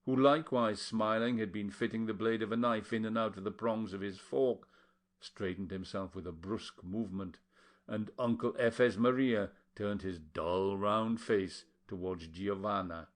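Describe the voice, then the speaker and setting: A man with a voice on the low side narrates an audiobook. He reads the scripted text in a measured, even voice.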